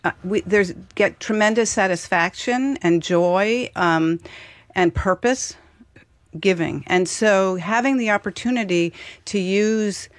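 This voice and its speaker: A woman's voice: medium pitch, takes it slowly, no room sound. A woman chef speaks earnestly about giving back, stopping now and then to find the right words. Her voice is recorded close and dry, with no room sound around it. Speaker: chef and restaurateur. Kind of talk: casual interview talk.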